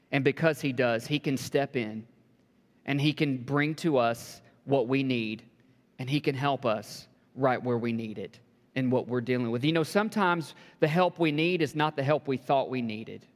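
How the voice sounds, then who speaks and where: A man preaching a sermon to a congregation, building to emphatic peaks and dropping to soft, hushed lines, with joking asides. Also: mid-range voice. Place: church sanctuary. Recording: long hall reverb.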